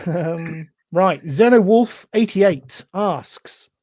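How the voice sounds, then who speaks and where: A man's voice: sits high, animated, extremely slow, darkish tone, no room sound, studio quality. A man hosting a podcast, reading listener questions aloud and answering with short, friendly agreements. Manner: affable, reads questions out, short agreeing replies. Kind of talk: casual podcast chat.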